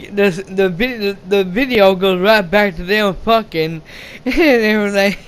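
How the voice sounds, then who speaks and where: A man's voice: high-pitched, smooth. A young man rambling through a casual movie rant, swearing often, stumbling over his words and restarting. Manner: swears a lot, stumbles and restarts, laughs, shouts quoted lines. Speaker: movie reviewer.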